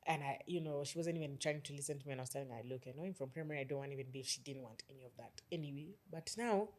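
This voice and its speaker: A woman's voice: deep voice, rapid-fire, a little mellow. A young woman, co-hosting a podcast and telling a story in casual chat, full of "like". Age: 20s. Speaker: podcast co-host.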